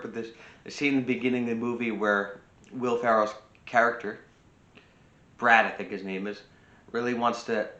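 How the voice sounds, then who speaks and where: Speaking at medium pitch in a bright, forceful tone, a personal growth channel host talks through casual self-help advice and repeats his key phrases to drive them home. The recording is roomy and slightly dull.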